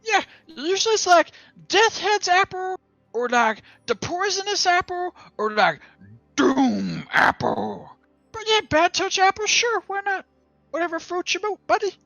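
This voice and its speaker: A man's voice: very high voice, big pitch swings, a little slow, gravelly, sharp tone, no echo, highs cut off, faint music behind, voice pushed up, heavily acted. A man voicing a scrappy male goblin who rambles in broken grammar. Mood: chatty.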